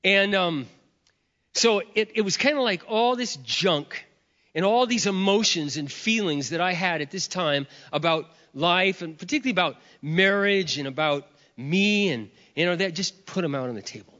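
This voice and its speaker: A man's voice: sits high, animated, normal speed, bright, forceful tone. A middle-aged man preaching a sermon, telling a personal story with self-mocking humor and acting out both sides of a prayer. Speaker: pastor. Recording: muffled sound in a big reverberant hall.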